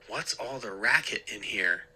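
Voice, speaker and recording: A man's voice: lowish voice, expressive, unhurried, pushed and bright, slightly rough, full character voice, rough recording. A man voicing a stern, exasperated mother who scolds her son firmly. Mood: scolding. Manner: scolding, firm.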